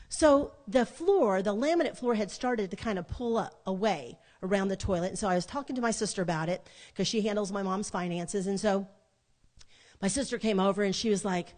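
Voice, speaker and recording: A middle-aged woman, preaching a sermon built on a personal story, animated, with dramatic pauses and repetition. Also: mid-range voice.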